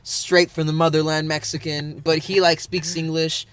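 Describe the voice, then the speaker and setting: A man's voice: fairly high pitch, level tone, moderate pace, fairly bright tone, smooth. A man, a podcast co-host, telling a rambling story in casual chat with lots of fillers and bursts of laughter.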